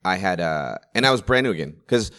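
A comedian in his forties in casual chat, telling rambling stories in quick bursts with restarts and swearing. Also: low voice, expressive, a bit bright, clear, resonant tone. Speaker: stand-up comedian.

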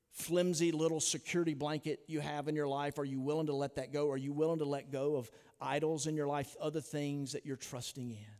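Male pastor, emphatic sermon delivery, slightly high voice, long church-hall reverb. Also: darkish tone. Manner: earnest, emphatic preaching with rhetorical questions. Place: church sanctuary.

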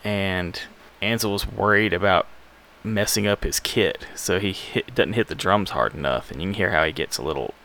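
A man's voice: deep voice, moderate pace, few pauses, bright, forceful tone, slight background noise. A man from Alabama, hosting a music show in a rambling, laid-back, self-deprecating way. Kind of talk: casual radio show chat.

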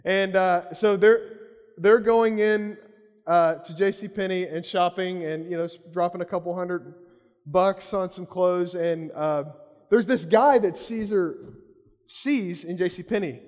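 Male pastor, sermon, lively conversational storytelling, high voice, long hall echo. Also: a little slow.

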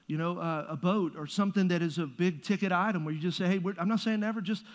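A man's voice: high voice, fast talker. A man preaching a sermon as pastor, conversational and joking, with playful asides to the congregation. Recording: long reverb of a large hall.

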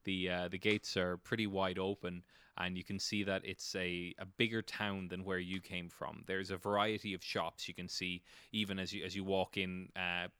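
Bright, clear male game master. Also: deep voice, normal speed, dry recording. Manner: relaxed, descriptive, playful. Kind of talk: narrating a tabletop game.

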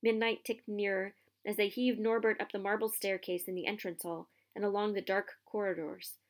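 A woman reads a children's novel aloud, telling the story expressively in a mid-range voice at a normal speed.

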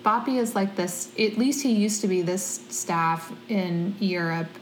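A woman hosts a casual conversation in a mid-range voice, retelling a story with easy laughter. Her delivery is conversational and quick to turn playful. Faint noise runs under the recording. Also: medium pitch. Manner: chatty, laughing while retelling stories. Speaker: podcast host. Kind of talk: casual chat.

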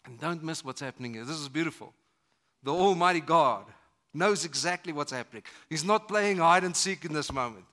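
Bright-voiced man preaching with dramatic swings. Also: fairly high pitch, lively intonation, a little fast. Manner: dramatic shifts between loud emphasis and hushed lines. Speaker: pastor. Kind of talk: sermon. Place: church service.

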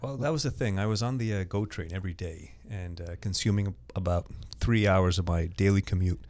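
Give me a man, a podcast guest, telling his own story earnestly. His voice is very low and sits dry and close to the mic. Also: brisk, a little mellow, dry recording. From Canada. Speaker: guest, real estate agent. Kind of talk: casual podcast interview.

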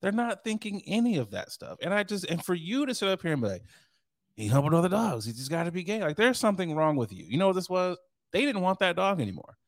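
A man's voice: sits high, sing-song, quick pace, no room sound, studio quality. A man hosting a podcast in casual chat, laid-back and joking, often laughing. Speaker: podcast host.

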